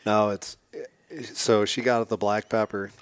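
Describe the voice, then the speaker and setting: A man as a podcast guest, telling a hunting story in a casual, animated way and acting out what people said. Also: fairly low pitch, a little slow, a little hiss or hum. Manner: animated, acts out quotes.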